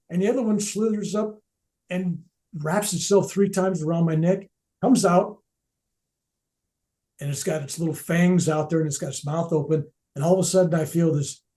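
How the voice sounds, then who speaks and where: An older man telling his spiritual experiences in a loose, animated way, often restarting his sentences and dropping his voice to a near-whisper for emphasis. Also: high-pitched. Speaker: speaker at a veterans event. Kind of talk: spoken personal storytelling.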